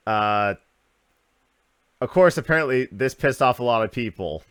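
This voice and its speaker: A man's voice: mid-range voice, normal speed, fairly bright tone, clean tone, dry recording, studio quality. A man hosting a casual gaming podcast, rambling through news with lots of uhs and restarts. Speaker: podcast host.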